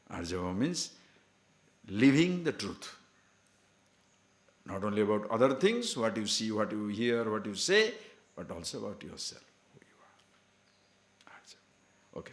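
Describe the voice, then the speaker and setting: Male spiritual teacher, emphatic discourse style, animated delivery, roomy echo. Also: on the low side. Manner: asks many rhetorical questions, emphatic. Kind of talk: scripture discourse to a class.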